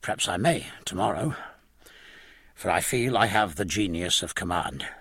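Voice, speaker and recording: Reader as a cocky young navy man, lively and gravelly. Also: low-pitched, moderate pace, no room sound, clean studio sound, voice pushed down, exaggerated voice. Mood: boastful. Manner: boastful, hearty. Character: brash young naval officer, boastful.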